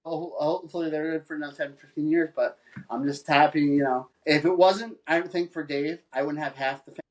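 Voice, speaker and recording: A man's voice: fairly high pitch, steady tone, a little fast, poor audio. A man on a podcast as a guest, chatting casually and rambling through stories, putting on voices for the people he quotes. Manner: rambling storyteller who acts out quoted people. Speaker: photographer. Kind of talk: casual chat.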